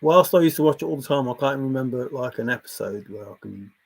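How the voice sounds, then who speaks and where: A man's voice: mid-range voice, animated, fast talker, gravelly, breathy edge. A man hosting a livestream, chatting casually, laughing often and drifting from topic to topic as he reads the chat. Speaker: livestream host reading chat.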